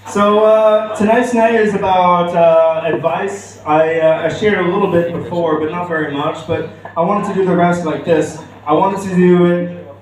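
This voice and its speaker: A man's voice: high-pitched, steady tone, moderate pace. A young man doing open-mic stand-up in a club, rambling with self-deprecating asides. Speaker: stand-up comedian. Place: comedy club stage. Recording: echoey club room, mic from far.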